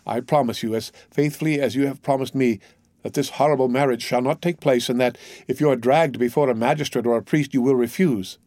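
A man voicing a sorrowful, resolute young man in love, read in a solemn, measured way. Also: mid-range voice, a little mellow, no echo, close to an everyday voice. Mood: reassuring. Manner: solemn, measured, earnest reading. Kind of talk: audiobook character reading.

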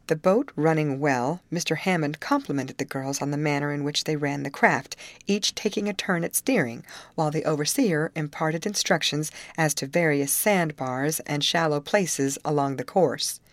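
A woman narrates a novel in a calm, even storytelling voice that sits low for a woman. The recording is dry and close, with no room around it. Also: no room sound. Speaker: audiobook narrator. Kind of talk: scripted narration.

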